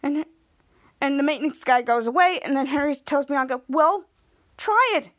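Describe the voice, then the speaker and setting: High-voiced woman rambling through a recap. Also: fairly even intonation, fairly quick. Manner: rambling retelling with restarts, acting out quoted lines. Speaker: podcast host. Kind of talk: casual episode recap.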